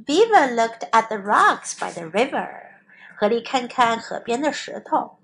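A woman English teacher reading a children's story aloud in two languages, slow and expressive. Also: fairly high pitch.

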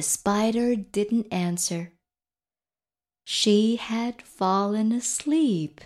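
Slow, lively woman reading a picture book. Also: medium pitch. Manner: expressive, playful read-aloud delivery. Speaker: picture-book reader for children.

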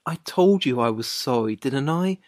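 A woman's voice: a bass voice, expressive, normal speed, darkish tone, no room sound, studio quality. A woman voicing an anxious young man who pleads and grows exasperated in a dramatized story. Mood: pleading. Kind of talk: dramatized short story reading.

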